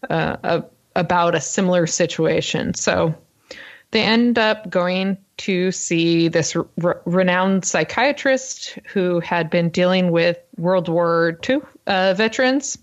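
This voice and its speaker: A woman co-hosting a podcast, recounting a story in a casual, fast, filler-heavy way. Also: lowish voice, lo-fi sound. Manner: fast-talking, lots of ums and uhs. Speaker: podcast co-host.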